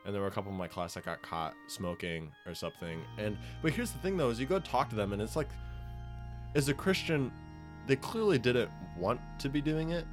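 A man's voice: medium pitch, big pitch swings, a little fast, faint music behind. A man co-hosting a casual podcast, explaining his views earnestly at length. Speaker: podcast co-host.

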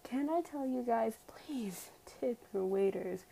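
A woman's voice: fairly high pitch, expressive, takes it slowly, vocal fry, dark tone, slight background noise, low-quality recording. A woman telling a personal story to her viewers in a casual, emphatic way, full of "like" fillers and direct appeals.

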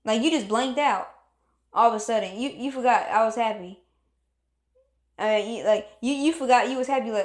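Woman, casual motivational talker, earnest and repetitive, a bit high, echoey room. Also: normal speed, long pauses. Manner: earnest, repetitive, encouraging, acts out moods. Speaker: motivational speaker.

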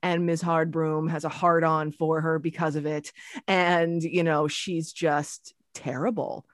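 A woman co-hosting a casual podcast chat, animated and swearing freely as she recaps a show, with lots of restarts. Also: low voice, measured pace, no echo, clean studio sound. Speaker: podcast co-host.

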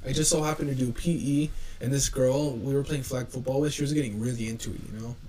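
A man's voice: mid-range voice, steady tone, fast, warm tone, a little hiss or hum, low-quality recording. A young man, a podcast co-host, telling a heated story in casual chat, swearing heavily and acting out the people he quotes.

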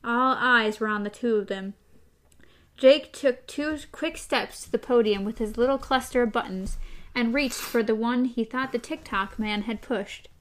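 A woman's voice: fairly high pitch, measured pace, fairly bright tone. A woman reading a novel aloud expressively and chatting about it with a co-host. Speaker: reader and co-host.

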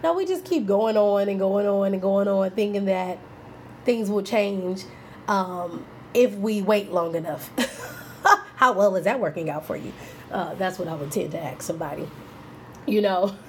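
A woman's voice: mid-range voice, animated, measured pace, a little hiss or hum. A woman in her thirties giving a casual motivational talk on self-reflection, candid and playful, laughing often and acting out what people say. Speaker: self-help speaker.

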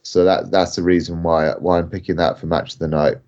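A low-pitched young man tells a story on a podcast. He rambles, full of filler words and chuckles. The sound is muffled and lo-fi. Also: little pitch movement, fairly quick, a little mellow. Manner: rambling, lots of fillers, laughs while telling. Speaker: guest wrestler. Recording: dull lo-fi audio.

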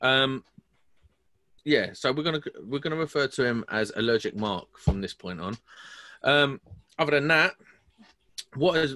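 Bright teasing British man on a call. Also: mid-range voice. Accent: British English. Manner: teasing, joking. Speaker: host. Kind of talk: casual video call banter. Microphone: video call.

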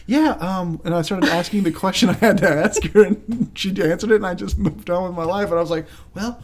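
A man's voice: high voice, a little fast. A man co-hosting a podcast, telling crude, joking stories in casual chat. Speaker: podcast co-host.

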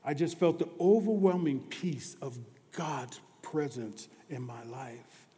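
A man preaching to his congregation with an unhurried, deliberate pace and a mellow, darker tone. His delivery swings from hushed confession to emphatic proclamation, and his voice rings out with the long reverb of a large church sanctuary. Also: fairly high pitch, animated. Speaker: pastor. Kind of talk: sermon.

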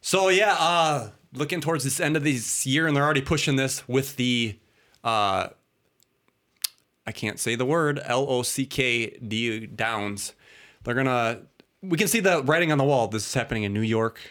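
The podcast host sounds animated and fairly bright, his mid-range voice holding a moderate pace. A little drunk, he rambles and laughs through a casual talk-show chat.

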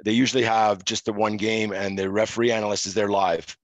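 Man, middle-aged, low voice, dry close mic, relaxed storytelling. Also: brisk, no echo, poor audio. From Quebec. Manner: relaxed anecdotal, many fillers. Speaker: podcast guest, former hockey referee. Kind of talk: casual interview storytelling.

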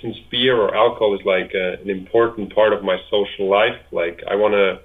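A Swiss man in his twenties speaks as a guest in a casual interview, hesitating often with lots of fillers and restarts. His voice is on the low side with fairly even intonation at a normal speed, heard over a tinny, phone-like line.

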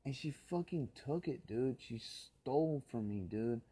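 A man's voice: mid-range voice, animated, slow pace, dark tone, slightly rough. A man from the Los Angeles area in a rambling solo podcast monologue, talking bitterly and with constant swearing, often rising into angry rants.

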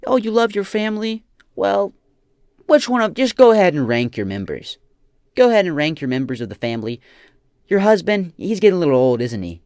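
A man putting on a loud, crude, mocking impression of a male motivational speaker. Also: high voice, very animated, fairly quick, clean tone, no room sound, studio quality, voice pushed up.

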